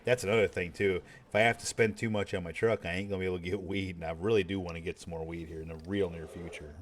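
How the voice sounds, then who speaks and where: A man's voice: low voice, steady tone, fast, a little hiss or hum. A man chatting casually while streaming a game, rambling and swearing freely in a laid-back way. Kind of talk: casual chat while gaming.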